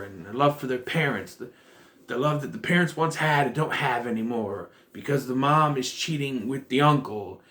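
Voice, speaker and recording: A man's voice: medium pitch, a bit bright. Man rambling through a show review. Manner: rambling, thinking aloud with frequent restarts. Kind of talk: casual spoken review.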